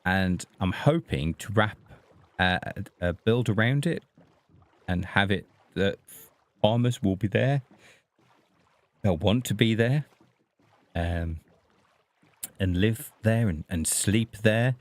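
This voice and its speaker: A man narrating his own gameplay in a loose, chatty stream, often talking to the characters on screen. He speaks slowly and without hurry, in a somewhat low voice, thinking out loud as he goes. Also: no echo. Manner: chatty, talks to himself and the villagers. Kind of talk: casual gameplay commentary.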